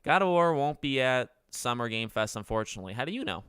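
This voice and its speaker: A man's voice: mid-range voice, expressive, fast talker, a bit bright, clean tone, dry recording, clean studio sound. A man in his twenties hosting a casual livestream, chatting with viewers in a rambling, self-correcting way. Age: 20s. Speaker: livestream host.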